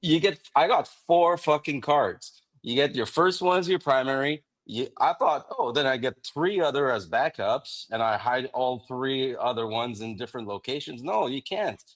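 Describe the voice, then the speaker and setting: A man's voice: medium pitch, expressive, normal speed, hardly any pauses. A man with an everyday mid-range voice, launching into a long, profane rant in a loose livestream chat. He explains his point at length and swears freely. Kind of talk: casual crypto chat.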